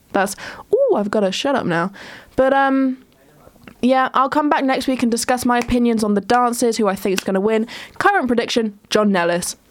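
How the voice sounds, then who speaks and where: A woman's voice: fairly high pitch, dry recording. A young woman, hosting a casual solo chat show, rambling with lots of ums and restarts. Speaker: podcast host.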